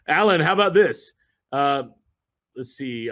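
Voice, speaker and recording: A man's voice: medium pitch, expressive, normal speed, fairly bright tone. A man hosting a group video call, giving a rambling, enthusiastic motivational talk full of fillers and repeated phrases.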